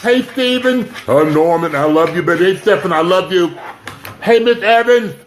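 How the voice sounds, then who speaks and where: A man's voice: high-pitched, expressive, moderate pace, slight background noise. A man hosting a casual home livestream, chatting with viewers, greeting them by name and urging them to share. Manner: chatty, shouts out viewers, urges sharing. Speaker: livestream host. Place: home, indoors.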